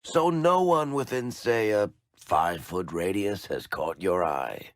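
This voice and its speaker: A man's voice: fairly low pitch, animated, unhurried, dry recording, clean studio sound. An actor playing a wry, teasing middle-aged male dwarf storyteller in sarcastic video game companion banter.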